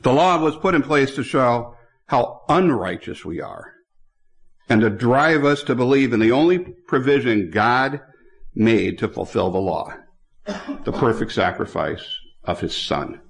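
A man delivers a sermon in a church, reading scripture passages aloud and speaking directly to his congregation. His voice sits in a middle pitch for a man. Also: lively intonation, a little slow, vocal fry. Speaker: preacher.

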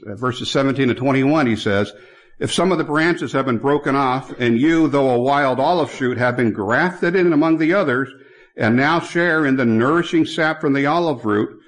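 A man's voice: on the high side, moderate pace. A man preaching a sermon in a church, reading scripture aloud and speaking to the congregation.

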